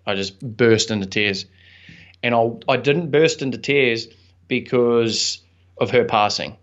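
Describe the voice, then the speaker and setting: A young man speaking as an interview guest, recounting a personal story with an earnest, reflective tone and a casual, filler-sprinkled delivery. His voice sits at a middling pitch for a man. The audio is slightly dull and lo-fi. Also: a little slow. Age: young adult. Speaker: podcast guest, entrepreneur and author.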